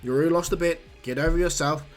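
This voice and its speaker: Man voicing a cocky young ninja, blunt and teasing, fairly high voice, faint music. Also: racing, lightly acted. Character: brash overpowered young male ninja, cocky.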